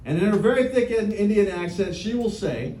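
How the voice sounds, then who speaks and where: High-voiced man giving a punchy stump speech. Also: lively intonation, brisk, mellow. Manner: punchy, repeats lines, asks the crowd questions. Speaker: political candidate. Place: indoor meeting room with an audience. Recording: echoey room with faint noise.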